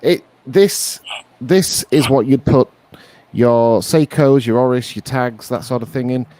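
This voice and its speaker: A man's voice: mid-range voice, measured pace, dark tone, a little hiss or hum. A man in casual chat as a guest, earnestly giving advice with a teasing edge.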